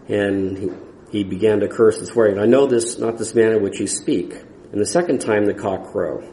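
A man delivers an expository sermon in a low, mellow voice. He speaks earnestly, pausing and restarting his phrases as he reads and explains scripture. The recording is roomy, with faint ambience from the church hall. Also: steady tone, a little hiss or hum. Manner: earnest, halting with restarts and fillers. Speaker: preacher.

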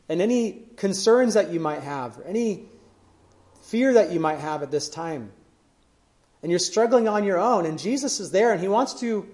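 A man's voice: high-pitched, a little mellow. A man preaching a sermon in an earnest way, building emphasis through questions. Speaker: pastor.

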